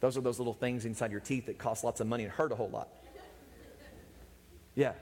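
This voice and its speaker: A man's voice: mid-range voice, fairly even intonation, brisk, long pauses, darkish tone. A man preaching a humorous sermon, joking and teasing his listeners and laughing often as he goes. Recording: echoey hall with long reverb.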